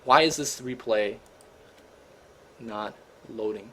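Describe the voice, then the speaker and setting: A man hosting a gaming show, commentating replays in an energetic, joking, slangy way. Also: on the low side, slow, slight background noise. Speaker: host and caster.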